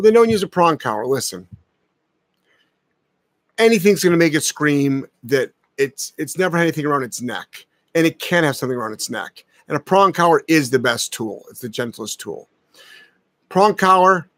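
Blunt, emphatic dog-trainer host. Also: male voice, fairly high pitch, fairly bright tone, dry recording. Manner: blunt, emphatic, rants with profanity. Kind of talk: casual live-stream advice chat.

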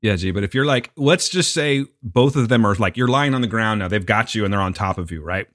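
Teasing middle-aged male host, animated, dry close sound. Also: lowish voice, fairly quick, no echo. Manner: teasing, argumentative, laughs often. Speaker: podcast host. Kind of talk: casual chat.

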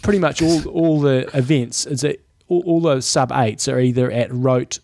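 A man, co-hosting a podcast, explaining stats and diets in a measured, casual way. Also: mid-range voice, gravelly, a little mellow. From New Zealand. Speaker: podcast co-host. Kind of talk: casual chat.

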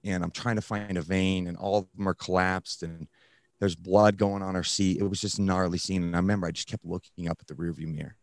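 A man, a guest on a talk show, telling his personal story candidly in casual slang, often halting and restarting. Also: sits low, steady tone, no echo, studio quality. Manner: blunt, casual, uses slang. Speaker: guest recounting his addiction recovery.

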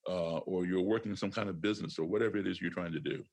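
A man's voice: low voice, rapid-fire, a little mellow. A man speaking as a podcast guest, emphatic and lecturing, repeating his key phrases as he makes a point. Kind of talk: conversational interview.

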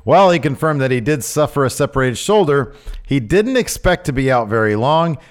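A man's voice: medium pitch, lively intonation, normal speed. A man co-hosting a wrestling news podcast in casual, jokey chat, reading quotes aloud. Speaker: podcast co-host.

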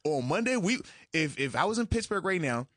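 Casting: man, excitable sports co-host, bright and a touch high, dry close sound. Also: brisk, dry recording. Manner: excitable, emphatic, says "man" a lot. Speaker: co-host, retired football player. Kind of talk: casual sports chat.

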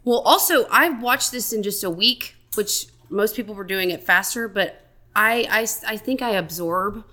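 Bright, animated woman guest. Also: mid-range voice, moderate pace. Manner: enthusiastic, animated storytelling. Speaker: guest streaming expert. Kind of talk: casual chat.

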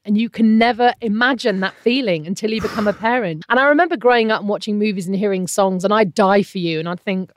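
A woman's voice: mid-range voice, fast, hardly any pauses, dry recording, clean studio sound. A middle-aged woman, a former radio presenter, telling a personal story in an interview, candid and emotional, often trailing off. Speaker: interview guest.

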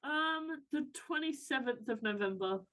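A woman's voice: fairly high pitch, animated, moderate pace, fairly bright tone. A woman co-hosting a podcast, chatting casually and teasing with frequent laughs. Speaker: podcast co-host. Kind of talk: casual chat.

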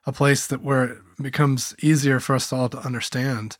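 A man hosts an interview and reflects aloud, searching for the right words as he goes. His pitch sits in the middle for a man. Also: flat delivery, moderate pace. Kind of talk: interview conversation.

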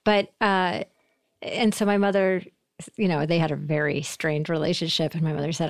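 A woman's voice: low-pitched, fairly even intonation, normal speed, no room sound, studio quality. Candid, salty woman from upstate New York. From Syracuse, New York. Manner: candid, self-deprecating, profane humor. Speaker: guest. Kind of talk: casual interview chat.

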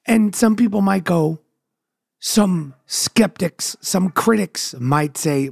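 A podcast host from New York unloads a profane sports rant in a gravelly voice. He drags out his words slowly and chants his intros sing-song. The sound is dry and close, with no room around it. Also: on the high side, no echo.

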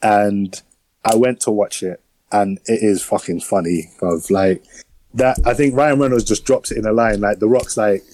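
A man's voice: lowish voice, normal speed, a little mellow, no room sound, low-quality recording. A man hosting a podcast, rambling about a film in slangy casual chat with lots of fillers. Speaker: podcast host.

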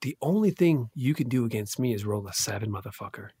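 A man's voice: medium pitch, animated, fast, mellow, breathy edge. A man improvising in a comedy sketch, sly and mocking. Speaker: improv performer playing a menacing burglar.

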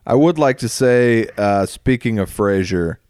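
Male co-host, lowish voice, wry and laid-back, dry close mic. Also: animated, a little slow, a little mellow, smooth, no echo. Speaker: podcast co-host. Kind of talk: casual chat.

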